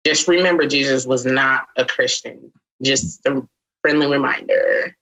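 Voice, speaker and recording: A woman co-hosting a podcast in casual chat, blunt and teasing, with quick jokes. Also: a bass voice, very animated, gravelly, fairly bright tone, poor audio. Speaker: podcast co-host.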